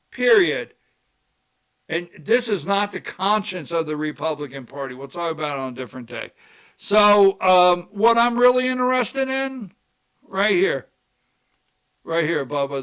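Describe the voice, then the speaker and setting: A man's voice: fairly high pitch, fairly bright tone, smooth. A man hosting a political talk show, rambling in a folksy way and repeating his phrases as he goes. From rural Georgia. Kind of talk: casual commentary monologue.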